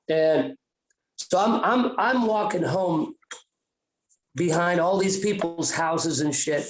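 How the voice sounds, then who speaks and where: Young guy, podcast host, slightly high voice, loose profane storyteller, roomy sound. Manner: profane, rambling, animated retelling. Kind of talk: comic storytelling. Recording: roomy echo.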